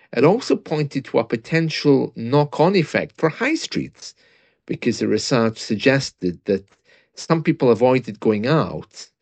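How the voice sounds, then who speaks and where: A man's voice: medium pitch, creaky, a little mellow, no room sound. A British man talking casually and reading a news report aloud, chatty and self-mocking, with asides and small laughs. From Britain.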